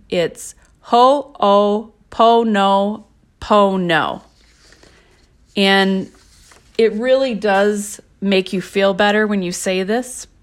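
A woman talks at an unhurried, deliberate pace on her spiritual podcast. Her voice sits at an ordinary middle pitch. She sounds calm and gentle, and she reads out passages from her own book in a measured way. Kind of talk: slow reflective spiritual talk.

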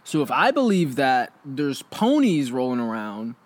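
A man's voice: medium pitch, huge pitch swings, unhurried. A young man hosting a casual conversation, rambling with lots of fillers and restarts.

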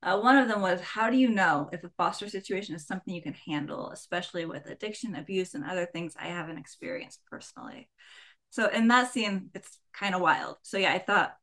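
A woman's voice: on the low side, animated, brisk, a bit bright. A woman co-hosting a podcast, reading out listener questions and reacting casually. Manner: casual, conversational.

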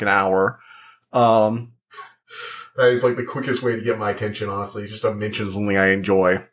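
A man's voice: mid-range voice, fairly bright tone. Rambling young man reviewing a show. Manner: rambling, full of likes and uhs. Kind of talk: casual review chat.

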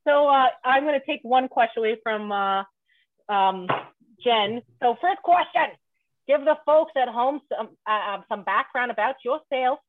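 A woman's voice: a little high, moderate pace, no echo, phone-quality sound. A woman hosting a podcast in casual comedic chat, joking and acting out silly voices. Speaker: podcast host.

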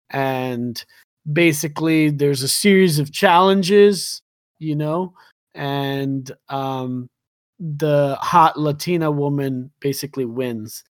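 Slow-talking man improvising a story. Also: fairly high pitch, fairly bright tone, no room sound. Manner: rambling, giggly, does quick silly impressions. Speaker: podcast co-host.

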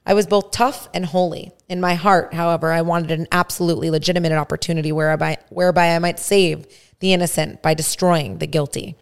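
A woman hosting a podcast reads a first-person story aloud at a measured pace. Her voice is low, with a gravelly fry running through it. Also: flat delivery. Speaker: podcast host. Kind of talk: story reading.

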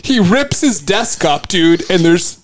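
A man chatting excitedly on a podcast, swearing often and saying "dude" all the time. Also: sits high, slow, a loud crowd. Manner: excited, swears a lot, says dude constantly. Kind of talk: casual chat.

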